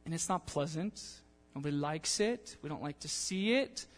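A young man preaching a sermon in a church in a casual, animated way, acting out the people he quotes. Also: fairly high pitch, normal speed, soft background music. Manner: animated, conversational, acts out quotes. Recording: long church-hall reverb.

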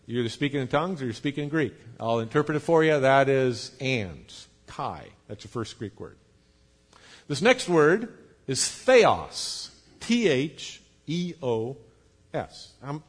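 A pastor preaching a sermon, explaining patiently, spelling out words, with light jokes for the congregation. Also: male voice, mid-range voice, big pitch swings, a little slow, breathy edge. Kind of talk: sermon teaching.

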